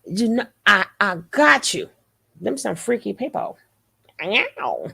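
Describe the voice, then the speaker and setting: Woman livestream host, unhurried and playful, husky gravelly voice, teasing chat. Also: on the high side, animated, bright, forceful tone. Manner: playful, teasing, greets viewers by name.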